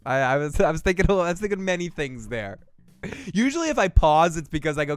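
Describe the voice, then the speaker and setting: A man's voice: fairly high pitch, sing-song, a little fast, clean tone, dry recording. A man with a Boston accent hosting a casual TV recap show, rambling, joking and swearing freely. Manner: profane, rambling, jokey riffing. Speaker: podcast host recapping a TV episode. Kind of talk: casual review chat.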